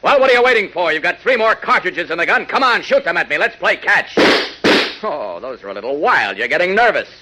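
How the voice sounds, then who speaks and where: Brief: heroic 1940s radio superhero, bright, lively, commanding, assured. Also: male voice, sits high, fairly quick, a little hiss or hum, full character voice, rough recording. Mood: taunting. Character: confident, heroic adult male superhero. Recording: old radio broadcast.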